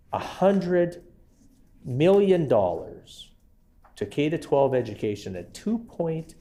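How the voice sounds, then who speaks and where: A Canadian-accented man with a medium-pitched, dark voice serves as an education minister fielding questions in a legislative committee. Combative and sarcastic, he often addresses the chair during this parliamentary committee debate. The audio is a legislative room feed with faint noise.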